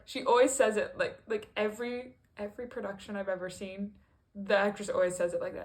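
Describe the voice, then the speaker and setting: A woman's voice: medium pitch, fairly even intonation, moderate pace. Rambling, chatty woman vlogger. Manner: rambling and chatty, with frequent fillers and self-corrections. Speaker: video creator. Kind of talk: casual musical review vlog.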